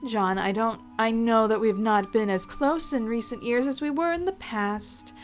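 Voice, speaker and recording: A woman's voice: fairly high pitch, normal speed, soft background music, close to an everyday voice. A woman voicing a controlling aunt who talks in a prim, formal, condescending way.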